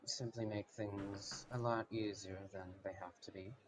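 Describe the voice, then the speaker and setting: A man playing a suave, genteel smooth talker. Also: fairly low pitch, fairly even intonation, measured pace, background noise, lightly acted. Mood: smooth, coaxing. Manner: affected, genteel phrasing. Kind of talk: in-character tabletop role-play.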